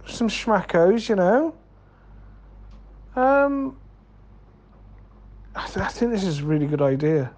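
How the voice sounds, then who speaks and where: A man's voice: high-pitched, sing-song, slow pace, long pauses, a little mellow. A man co-hosting a comedy podcast, rambling through absurd plans, swearing and calling people mate. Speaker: podcast co-host. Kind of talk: comedic banter.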